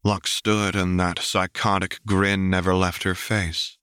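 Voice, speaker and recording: A man with a deep voice narrates a story in steady, measured storytelling. His tone is bright and forceful, and the recording is dry and close, with no room around it. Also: clear, resonant tone, dry recording. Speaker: audiobook reader.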